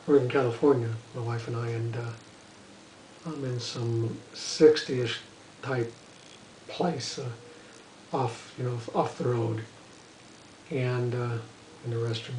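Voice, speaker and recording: A man's voice: medium pitch, darkish tone, slight background noise. Older man, casual storyteller, rambling with fillers, echoey room, mic a bit far off, faint ambience. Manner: rambling, lots of "you know" and "uh". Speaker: musician telling stories. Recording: roomy echo, voice from a distance.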